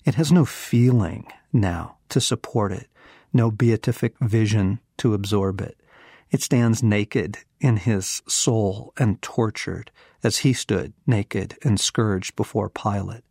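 Slow, husky-voiced man teaching. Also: fairly low pitch, dark tone, dry recording, clean studio sound. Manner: slow, intense, drops to a whisper for emphasis. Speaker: author and teacher. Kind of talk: devotional teaching with scripture reading.

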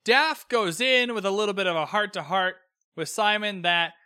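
A young man with a high, lively voice recaps a show on his own podcast mic. His tone is bright and sarcastic, and he swears freely. The sound is dry and close. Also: normal speed, smooth, no room sound. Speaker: podcast host. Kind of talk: casual recap commentary. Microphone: own podcast microphone.

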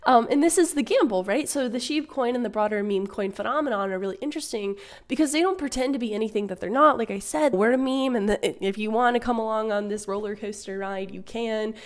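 A young woman hosting a casual finance explainer, chatty with quick asides and a laugh here and there. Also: medium pitch, darkish tone.

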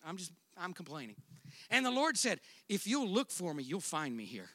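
High, bright-voiced preacher man. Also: big pitch swings, moderate pace, no room sound. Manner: dynamic preaching, swinging from loud emphatic declarations to quiet storytelling. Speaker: pastor. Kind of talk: sermon.

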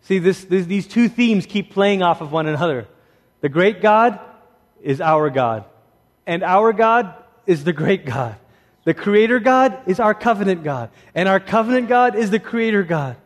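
A man preaching a sermon in a conversational, animated way, swinging between lively asides and hushed, emphatic lines. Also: high voice, a little slow. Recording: long hall reverb.

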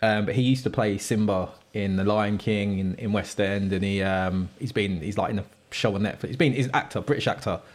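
A man chatting casually as a podcast co-host, relaxed and quick to agree. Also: fairly low pitch. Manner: relaxed, frequent agreeing backchannels. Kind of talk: casual chat.

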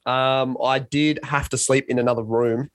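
A man's voice: medium pitch, fairly even intonation, normal speed, no room sound. A young man casually telling a rambling, self-mocking story in a chat with a friend.

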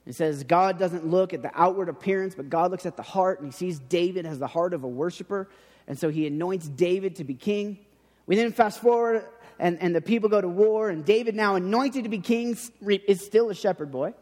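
Male preacher, high voice, informal and rambling, hall reverb. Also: brisk, darkish tone. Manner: chatty, repeats words and restarts, acts out quoted speech. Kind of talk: casual sermon.

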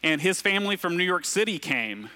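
Bright-voiced pastor from Arkansas. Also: male voice, high-pitched, big pitch swings, brisk. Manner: self-deprecating storytelling with asides and laughs. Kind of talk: conversational sermon.

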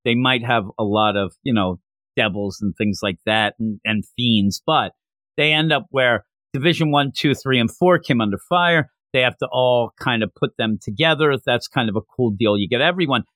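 A man co-hosting a casual podcast chat, talking in an animated way and laughing as he retells scenes. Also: medium pitch, normal speed, no room sound, studio quality. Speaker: podcast co-host.

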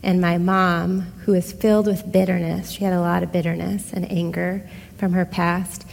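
A middle-aged woman telling a personal testimony in a casual, expressive way, speaking straight to her listeners. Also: fairly low pitch, normal speed, vocal fry. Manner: conversational, expressive, addresses listeners directly. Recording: long hall reverb.

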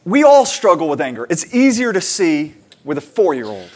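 A male pastor with a fairly high voice delivers a sermon in a loose, conversational way, scattering fillers as he talks. He shifts into lively, animated bits when retelling moments from home. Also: normal speed.

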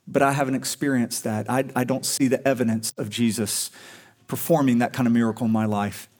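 A man's voice: mid-range voice, steady tone, fairly quick, a little mellow. A male pastor preaching a sermon to a congregation in a conversational, earnest way, pushing up for emphasis on key points.

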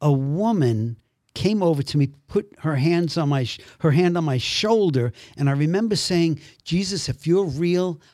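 Animated man. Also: fairly high pitch, moderate pace, no echo, clean studio sound. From Brooklyn, New York. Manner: animated storyteller who acts out the other people's voices. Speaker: podcast guest, actor. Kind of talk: storytelling conversation.

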